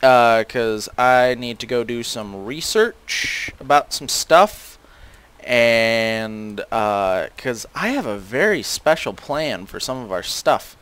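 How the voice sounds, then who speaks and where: A man's voice: mid-range voice, lively intonation, slow pace, fairly bright tone, clean tone. A teenage boy casually commentating a video game, rambling with many fillers and self-deprecating asides. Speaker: gaming channel host.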